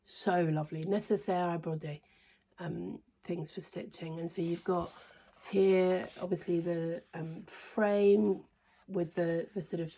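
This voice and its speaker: A woman reviewing cross stitch books in a casual, hesitant way, trailing into quiet near-whispered asides. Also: on the low side, steady tone, measured pace. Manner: chatty, hesitant with many ums, softens to near-whisper asides. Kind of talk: casual show-and-tell review.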